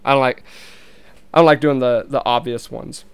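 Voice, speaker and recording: A man's voice: mid-range voice, fairly even intonation, moderate pace, gravelly, clear, resonant tone. A young man talking casually and rambling, with frequent swearing and restarts. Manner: rambling, swears, many restarts, laughs easily. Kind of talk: casual monologue.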